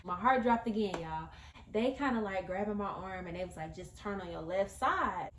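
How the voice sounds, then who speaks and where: A woman's voice: medium pitch, lively intonation, normal speed, echoey room, slight background noise. A woman telling a story in a casual vlog, chatty and rambling, talking straight to her viewers. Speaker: vlogger.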